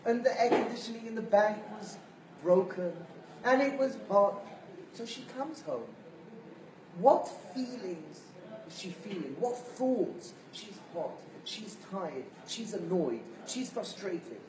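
A rabbi lectures with animated storytelling. He sounds distant in a roomy space, with a faint hiss beneath his voice. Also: sits high, slow pace. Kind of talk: sermon-style lecture.

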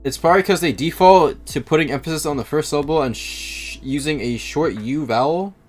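A man streaming a video game live, talking to chat in an animated, incredulous way. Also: a little high, a little fast, soft background music. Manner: animated, incredulous, thinks aloud. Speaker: gaming streamer. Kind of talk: live gameplay commentary and chat reading.

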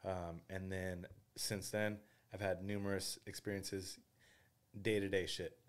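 A man's voice: sits low, a little slow, clear, resonant tone. A man as a podcast guest in casual chat, swearing freely and acting out quotes as he tells stories. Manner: profane, animated storytelling with acted-out quotes.

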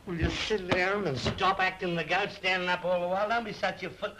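A man's voice: high-pitched, fairly even intonation, fairly quick, background noise, close to an everyday voice. A man playing a boisterous cockney-style king. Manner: chatty, bossy, full of slang. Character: excitable working-class man made king, cheeky and boisterous.

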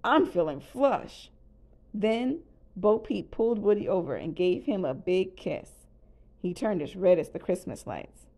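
A woman calmly narrating a children's storybook read-aloud. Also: mid-range voice, measured pace. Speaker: storybook reader.

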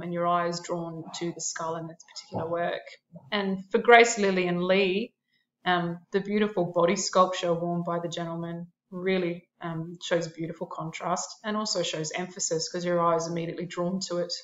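A woman's voice: fairly low pitch, a bit bright, reverberant, muffled recording. A woman art teacher narrating a classroom lesson, explaining terms and listing examples with a few fillers.

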